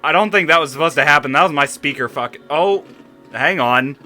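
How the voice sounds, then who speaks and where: A gaming streamer reading a visual novel aloud and reacting with profane, animated commentary. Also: medium pitch, a little fast, faint music behind.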